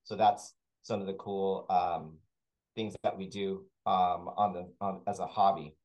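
A man's voice: deep voice, steady tone, a little slow, a little mellow, highs cut off. A man, a talent sourcer, chatting as an interview guest and telling rambling anecdotes full of restarts. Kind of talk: casual interview storytelling.

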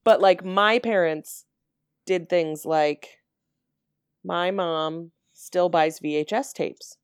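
Female co-host, lower voice, casual and wry, dry close sound. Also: smooth, no room sound. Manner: drawn-out, filler-heavy, wry and reasonable. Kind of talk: casual chat.

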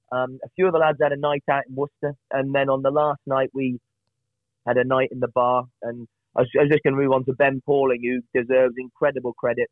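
A man's voice: medium pitch, no room sound. A man, a podcast guest, telling chatty, self-deprecating stories with lots of restarts. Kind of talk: casual storytelling on a podcast. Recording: tinny phone-like line, dry.

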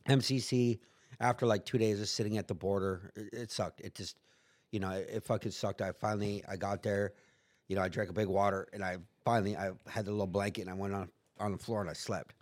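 Low-voiced man telling a rough story. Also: steady tone, brisk, dry recording. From United States. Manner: profane, acts out other people's lines in quotes. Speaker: podcast guest. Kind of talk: casual storytelling.

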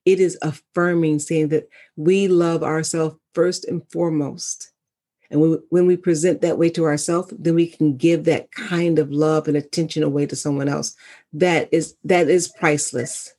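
A woman in casual conversation, speaking reflectively and with animated storytelling as a wellness coach. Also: low-pitched, unhurried.

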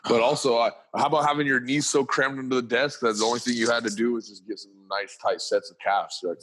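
A man's voice: medium pitch, fairly even intonation, fast talker, few pauses, fairly bright tone, poor audio. A young man in casual chat, telling slangy, laid-back stories about his school days and his kids.

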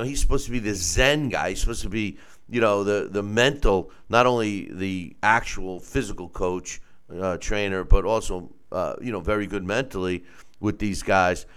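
A man's voice: lowish voice, a bit bright, clear, resonant tone. A man hosting a casual boxing commentary show, giving blunt, opinionated takes.

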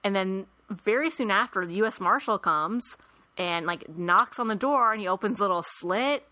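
Brief: woman podcast host, bright and crisp tone, dry close sound, laughs easily while recapping. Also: mid-range voice, moderate pace, no room sound. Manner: laughs often, retells scenes with quoted lines. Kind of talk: casual chat.

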